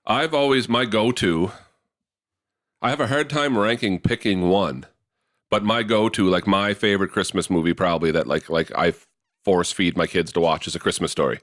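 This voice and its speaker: Rambling low-voiced man in casual chat. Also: fairly even intonation, normal speed, fairly bright tone, no room sound, studio quality. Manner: rambling, filler-heavy storytelling. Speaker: podcast co-host.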